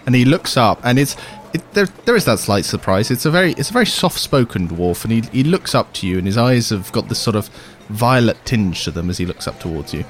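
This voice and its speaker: A man narrating as game master of a tabletop game, describing scenes in a relaxed, meandering way with frequent restarts. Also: mid-range voice, fairly quick, hardly any pauses, a little hiss or hum.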